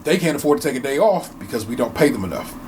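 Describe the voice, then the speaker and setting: A man's voice: medium pitch, expressive, fast talker, darkish tone, slight background noise. A man co-hosting a casual podcast, ranting with heavy swearing and many restarts in a home basement studio. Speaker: podcast co-host. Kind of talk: casual chat.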